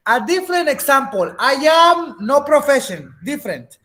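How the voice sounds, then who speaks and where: A woman's voice: high-pitched, very animated, moderate pace, fairly bright tone. A woman teaching a beginner English class, patiently repeating words, checking that students follow, and slipping into Spanish now and then.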